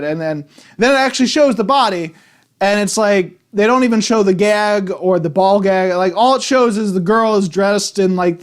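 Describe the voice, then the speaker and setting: High-voiced man griping about a film. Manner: rambling and exasperated, many restarts. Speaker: movie reviewer. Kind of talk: casual spoken film review.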